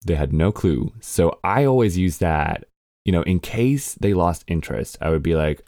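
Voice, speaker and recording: A man's voice: low-pitched, expressive, normal speed, mellow, no room sound, clean studio sound. A man in his twenties from Sweden with a learned American accent, hosting a casual solo podcast, chatty and candid, swearing casually and laughing at himself. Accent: American English learned by a Swedish speaker. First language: Swedish. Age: 20s. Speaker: podcast host.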